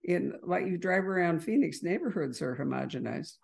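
Gravelly husky chicago lady hosting a book talk, chatty, cuts in a lot. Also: lowish voice, lively intonation, normal speed, a little mellow. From United States, Chicago. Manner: chatty, jumps in to finish thoughts. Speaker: bookstore host interviewer.

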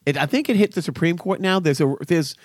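A man's voice: a little high, expressive, quick pace, no echo, studio quality. A man in his fifties hosting a casual chat, telling rambling stories and laughing often. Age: 50s. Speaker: podcast host.

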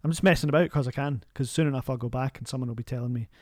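A man's voice: mid-range voice, rapid-fire, a little mellow, no room sound. A man, an actor, chatting casually with a dry, self-deprecating wit. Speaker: actor, podcast co-host. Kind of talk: casual chat.

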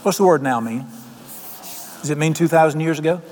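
A man's voice: a little high, fairly quick, a little mellow, slight background noise. A man preaching a sermon as pastor, telling homespun stories and asking his congregation questions. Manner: folksy storytelling preacher, quotes people in voices, asks the congregation questions. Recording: long hall reverb.

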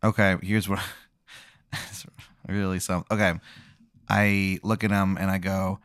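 A man playing along in an improvised story, answering in a brash, defiant, quick way. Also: low voice, level tone, fairly bright tone, smooth, no echo, studio quality. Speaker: player. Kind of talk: casual improv play.

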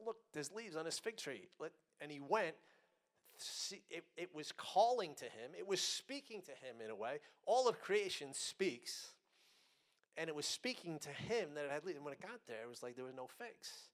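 A male preacher gives a sermon in a fairly high voice. He slows down to stress key words. His delivery swings between loud, forceful passages and quiet asides. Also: very animated.

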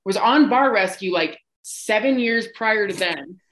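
A woman's voice: mid-range voice, expressive, a little slow, crowd noise. A young woman from Colorado telling a profane, laugh-filled story as a podcast guest. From Colorado, United States.

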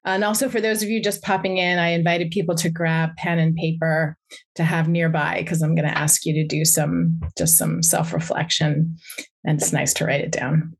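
A woman psychotherapist speaks to a live audience in a reflective, unhurried manner. Her voice sits on the low side, and she pauses often and fills gaps as she thinks. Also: breathy edge.

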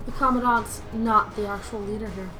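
A woman's voice: mid-range voice, fairly even intonation, a little fast, loud music behind the voice, rough recording. A woman playing a tabletop game, talking bluntly and swearing in casual chat.

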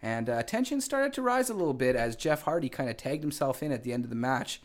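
A man's voice: mid-range voice, animated, fast. A man co-hosting a casual wrestling radio show, recapping the week's events with lots of fillers and restarts. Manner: rambling with frequent fillers and restarts. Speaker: co-host.

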